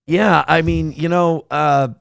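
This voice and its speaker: A man's voice: a little high, steady tone, takes it slowly, creaky, noisy background. A man hosting a morning livestream show in casual, profane, jokey chat, reading out viewer comments.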